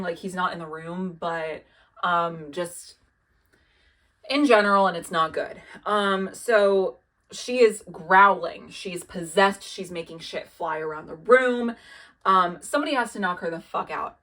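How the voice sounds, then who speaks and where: A woman's voice: medium pitch, a bit bright. A young woman doing a casual recap of a TV show, chatty and profane, with lots of "like" and "um". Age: young adult. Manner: casual and profane, lots of "like" and "um", quotes characters in an offhand way. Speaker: video essayist recapping a TV show.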